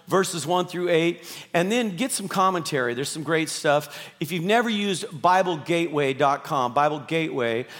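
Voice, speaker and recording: A pastor with a high voice delivers a sermon in a conversational way. He throws rhetorical questions at the audience. His voice rings with long reverb in a big church hall. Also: fairly bright tone. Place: church auditorium, live service.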